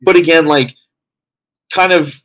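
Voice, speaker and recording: A man's voice: a little high, measured pace, a bit bright. A tired man co-hosting a casual podcast chat, rambling along with lots of fillers as he reports back. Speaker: co-host reporting from a convention.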